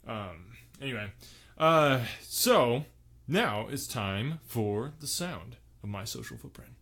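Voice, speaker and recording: A man's voice: mid-range voice, big pitch swings, slow pace, a bit bright. A man hosting a comedy podcast sketch, boastful and self-satisfied, rambling with lots of filler words. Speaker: podcast host.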